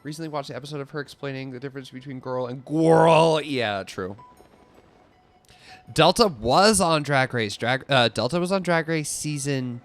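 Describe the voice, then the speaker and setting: A man's voice: mid-range voice, moderate pace, faint music behind. A young man chatting casually and giggling while he streams a game. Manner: animated, giggly and rambling. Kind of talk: casual chat while gaming.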